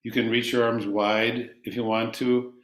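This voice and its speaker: A man teaching a chanting class, calmly explaining ideas and singing long vowels for his students to repeat. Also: mid-range voice, normal speed, roomy sound.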